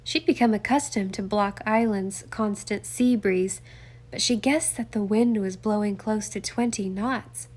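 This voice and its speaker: Woman audiobook narrator, mid-range voice, measured scripted storytelling. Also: mid-range voice, fairly even intonation, a little mellow.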